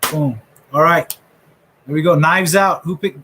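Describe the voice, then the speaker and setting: A man's voice: a little high, measured pace, pushed and bright, breathy edge, poor audio. A middle-aged man hosting a live fantasy football draft order reveal, rambling and joking with friends. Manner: joking, rambling trash talk. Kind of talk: casual live commentary.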